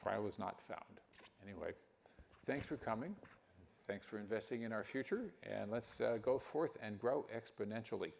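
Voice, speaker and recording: An older man giving a conference talk, speaking haltingly with many fillers and restarts. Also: on the low side, vocal fry, darkish tone. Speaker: keynote speaker.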